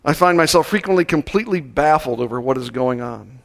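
Man preaching a slow, measured sermon. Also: a little high, animated. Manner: measured, slowing down to stress key words. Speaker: pastor. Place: church service.

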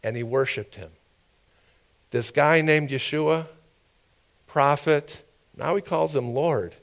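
A man's voice: a little high, slow. A man preaching a sermon in an informal, conversational way, with asides and questions to the congregation.

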